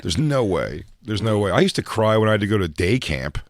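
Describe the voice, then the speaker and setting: A man's voice: fairly low pitch, brisk, slight background noise. A man in casual studio chat, telling a rambling story and acting out the people in it. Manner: rambling, animated storyteller who acts out voices. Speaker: comedian guest.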